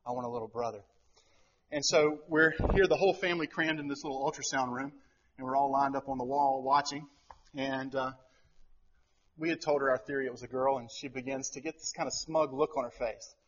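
A middle-aged man preaching a sermon as pastor, telling a family story with animated, acted-out quotes. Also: mid-range voice, brisk, muffled recording, a little hiss or hum.

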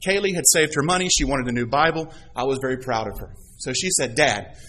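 A man's voice: mid-range voice, expressive, fast talker, fairly bright tone, slight background noise, poor audio. A male pastor giving a conversational sermon, reading scripture and acting out quoted voices in a playful way.

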